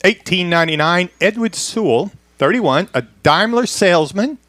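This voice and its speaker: A man's voice: sits high, expressive, normal speed, fairly bright tone, dry recording. A man presenting a history segment on a radio car talk show, reading from a script with a good-humored chuckle.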